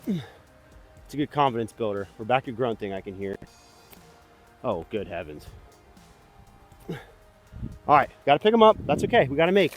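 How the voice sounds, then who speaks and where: Excitable man narrating his own disc throws. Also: mid-range voice, normal speed, pauses often, soft background music. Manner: excitable, self-critical, talks to himself between throws. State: a bit out of breath. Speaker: disc golf vlogger. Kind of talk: casual running commentary while playing. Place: outdoors on a disc golf course.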